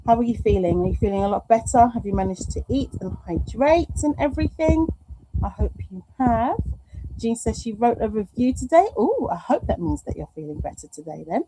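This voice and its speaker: A woman's voice: a little high, very animated, fairly quick, warm tone, a little hiss or hum, rough recording. A middle-aged woman hosting a live stream at home, chatting and reading out viewer comments in a rambling, affectionate way. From United Kingdom. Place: home room.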